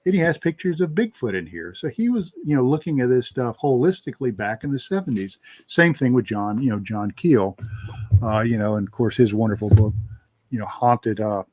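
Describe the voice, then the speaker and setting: A man's voice: mid-range voice, fairly quick, a little hiss or hum. Rambling man telling paranormal stories. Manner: relaxed, rambling, many fillers. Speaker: paranormal researcher guest. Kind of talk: casual interview talk.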